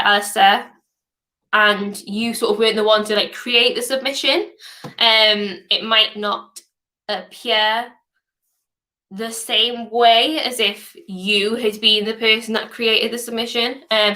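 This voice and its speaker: A young woman from northeast England with a softened Geordie accent and a sore throat, chatting casually as host of a hackathon livestream Q&A. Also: fairly high pitch, steady tone, a little slow. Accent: softened Geordie, somewhat posh. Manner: chatty, reads questions aloud, hums while waiting.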